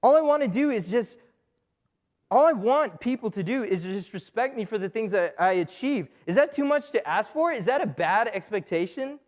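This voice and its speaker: A man's voice: sits high, animated, moderate pace. A young man giving a conversational, joking sermon to a young crowd, asking himself questions and using many fillers. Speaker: youth speaker. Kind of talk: casual sermon talk.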